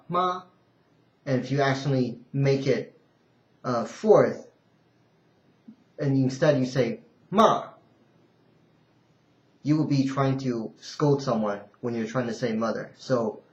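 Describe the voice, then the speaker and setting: A man teaching a language lesson unscripted, halting and restarting with fillers, then singing out tone examples. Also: medium pitch, darkish tone. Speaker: Mandarin teacher. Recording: roomy, dull lo-fi home recording.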